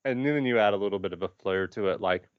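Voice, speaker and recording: A man co-hosting a podcast in casual chat, animated and quick to laugh, often restarting his sentences. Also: on the low side, clean tone, dry recording, dull audio. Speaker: podcast co-host.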